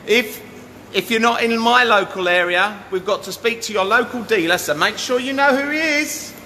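A man running a live-stream sales pitch from a showroom. He drives the viewers on, shouting out calls to join in. His voice is high and bright, and it echoes through the room over background music. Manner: pushy, hyped, calls out to viewers, keeps asking "yeah?". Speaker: hot tub dealer hosting a giveaway livestream.

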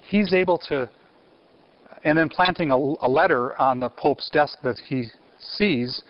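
A man giving a university theology lecture in an animated way, quizzing his audience and restarting phrases. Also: a little high, measured pace. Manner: animated, asks the audience questions, frequent restarts. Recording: muffled lecture recording.

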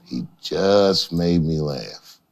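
Deep-voiced man reminiscing haltingly. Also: animated, gravelly. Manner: soft-spoken, halting, with many restarts. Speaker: comedian. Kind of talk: reminiscing in an interview.

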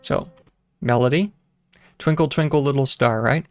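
A man with a medium-pitched voice speaks at a normal speed, giving a casual music lesson with keyboard demos. He thinks aloud with fillers and restarts, humming and counting rhythms as he goes, while a piano plays in the background.

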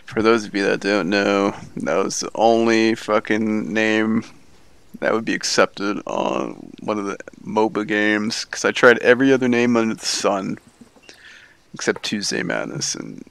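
Young male streamer, casual, curses a lot, gravelly and unhurried. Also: lowish voice, expressive, fairly bright tone, no echo. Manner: bemused, swears freely. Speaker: streamer playing a military game. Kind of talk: casual gaming chat.

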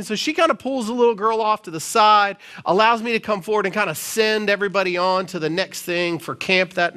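Guy preaching at church, high bright voice, chatty storytelling sermon. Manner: animated, conversational storytelling with casual fillers. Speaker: pastor. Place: church service, live.

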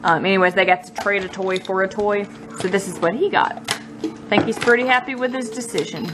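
A woman's voice: mid-range voice, a little fast, very noisy. A woman in her thirties with a Southern US accent, chatting playfully and giggling while filming a casual vlog in her home kitchen. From Mississippi. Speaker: vlogger, mother.

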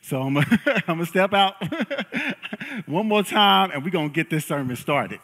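A young male pastor with a bright, forceful voice, slightly higher than most men, preaching in a church hall with a long echo. He jokes, teases and hypes the crowd, sliding between quiet asides and loud shouts. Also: normal speed. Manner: lively, joking and hyping up the congregation. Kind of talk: sermon. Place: church sanctuary. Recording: long reverb of a large hall.

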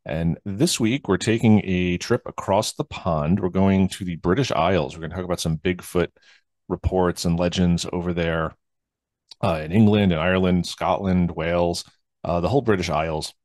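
Male podcast host, low voice, rambling casual chat, dead dry close sound. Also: steady tone, moderate pace, darkish tone, no room sound. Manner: rambling, many fillers and restarts.

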